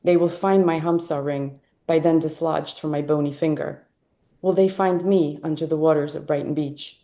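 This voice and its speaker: Woman, essay reader, low-pitched, dark mellow tone, wry delivery. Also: steady tone, moderate pace. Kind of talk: reading a personal essay aloud. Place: live reading event.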